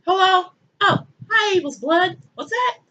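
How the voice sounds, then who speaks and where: A woman's voice: extremely high pitch, expressive, measured pace, bright, forceful tone, highs cut off, a little hiss or hum, pitched above the performer's own voice, full character voice. A woman voicing a bratty, petulant male God, snotty and sarcastic, in a comic retelling. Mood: snide.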